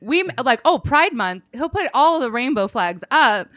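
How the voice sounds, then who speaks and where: Woman comedian, lively swooping voice, blunt and profane, laughs a lot, dry close sound. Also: sits high, measured pace, no room sound. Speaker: comedian guest. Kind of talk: casual podcast chat.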